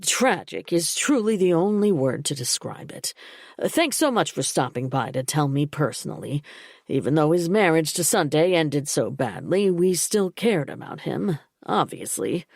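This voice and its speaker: A woman voicing a calm, patronizing older father. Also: low-pitched, moderate pace, gravelly, no echo, studio quality, exaggerated voice. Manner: soothing and patronizing. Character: smooth-talking older father, calm, evasive.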